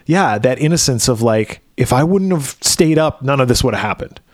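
A man's voice: medium pitch, lively intonation, moderate pace, dry recording. A man co-hosting a podcast, recapping a film in a chatty way, laughing and swearing easily, on a close mic. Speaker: podcast co-host. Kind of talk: casual film chat.

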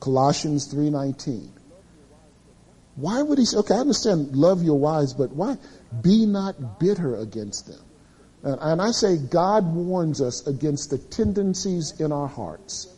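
Animated high-voiced man preaching. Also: measured pace, slightly rough. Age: middle-aged. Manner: animated, confessional storytelling. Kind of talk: sermon to men.

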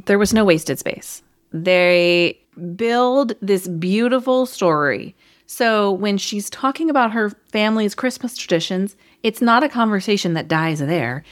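A woman's voice: medium pitch, unhurried, no room sound, studio quality. A woman co-hosting a casual movie review podcast, telling her story with feeling. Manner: emotional, animated storyteller. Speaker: podcast co-host.

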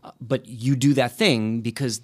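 A man's voice: mid-range voice, steady tone, moderate pace, darkish tone. A man talking as a podcast guest, thoughtful and rambling, with many restarts. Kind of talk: casual interview conversation.

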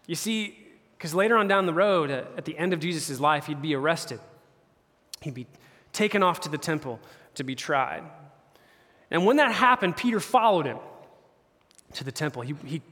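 Guy pastor giving a chill slangy sermon, kinda high voice, echoey church hall. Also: a bit bright. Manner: retells scripture in slang, voicing characters. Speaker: campus pastor. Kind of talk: casual conversational sermon. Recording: hall reverb.

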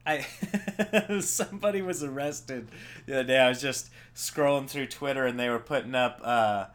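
A man, a comedian, rambling casually through his own show, voice lowered by a cold, chatty and jokey, laughing at his own bits. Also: normal speed, a bit bright.

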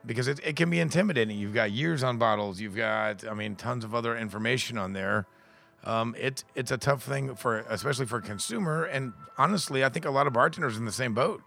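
A man hosting a casual podcast conversation, asking quick, halting questions. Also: medium pitch, gravelly, bright, forceful tone, soft background music.

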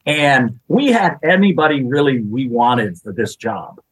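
A man telling lively anecdotes as a podcast guest, acting out quotes and laughing as he goes. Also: mid-range voice, unhurried, husky, poor audio. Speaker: guest, executive search consultant. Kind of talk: storytelling in a podcast interview.

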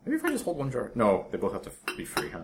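A man co-hosting a casual science podcast, playful and quick to joke. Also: background noise. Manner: playful, with a swooping, very expressive pitch. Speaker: podcast co-host. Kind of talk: casual chat.

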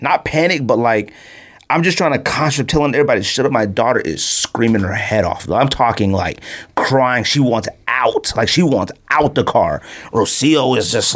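Male podcast host, thirties, animated storyteller, mid-pitch with a very lively range, jumps high for quotes. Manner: excitable, laughs often, acts out quotes in a high voice.

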